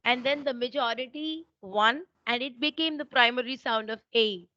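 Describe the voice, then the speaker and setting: A woman's voice: on the high side, normal speed, pushed and bright, highs cut off. A woman with an Indian accent, an English teacher explaining pronunciation rules and checking that she is understood. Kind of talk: online teaching exchange.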